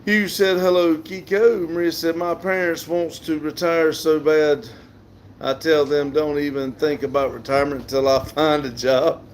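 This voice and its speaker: A man's voice: fairly high pitch, steady tone, normal speed, slight background noise. Southern man chatting on a livestream. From southern United States. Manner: chatty, laughs often, reads comments aloud. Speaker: livestream host reading chat. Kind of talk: casual live chat. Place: outdoors.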